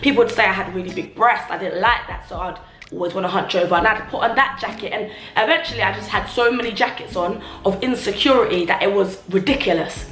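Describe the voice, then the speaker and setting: A young woman talks openly to her viewers in a relaxed, filler-heavy way, now and then acting out what others once said to her. Her voice is bright and forward, and the echoey home room carries faint music underneath. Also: medium pitch, quick pace. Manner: chatty, filler-heavy, acts out remembered remarks. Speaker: vlogger. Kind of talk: casual confessional vlog. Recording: roomy echo, faint music.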